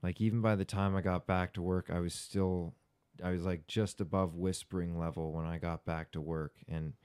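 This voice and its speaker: Young guy on a podcast, really low voice, smooth, swears a lot and rambles. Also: flat delivery, normal speed, a little mellow. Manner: profane, talkative and rambling. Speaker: podcast guest. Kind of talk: casual chat.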